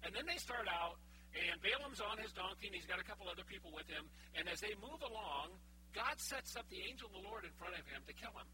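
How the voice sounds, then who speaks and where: A male preacher retelling a Bible story in a sermon, casual and animated, with frank asides. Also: high-pitched, fast talker. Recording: humming background noise.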